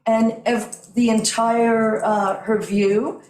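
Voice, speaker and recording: A woman's voice: on the high side, level tone, slow pace, a little mellow. A middle-aged woman giving earnest, digressive public comment in support of a neighbor at a town meeting. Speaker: neighbor speaking at a public hearing. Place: town meeting room at a podium. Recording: distant mic in an echoey room.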